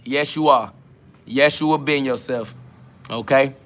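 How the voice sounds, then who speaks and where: Bright-voiced man preaching casually. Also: mid-range voice, a little slow. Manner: emphatic, repeats catchphrases, slangy street talk. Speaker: podcast host answering live chat. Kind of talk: casual self-affirmation sermon.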